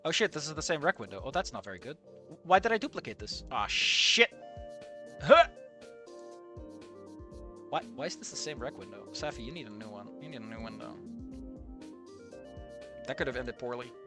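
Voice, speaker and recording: A young man streaming a game and ranting, excitable and swearing, jumping from loud outbursts to low muttering. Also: brisk, faint music behind. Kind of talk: live reaction commentary.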